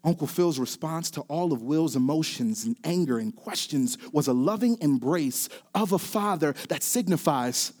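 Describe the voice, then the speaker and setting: A man preaching a sermon, often dropping quiet and then building to emphatic, repeated calls. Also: a little high, animated, moderate pace, hardly any pauses. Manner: swings from quiet to rising, emphatic repetition. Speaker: pastor.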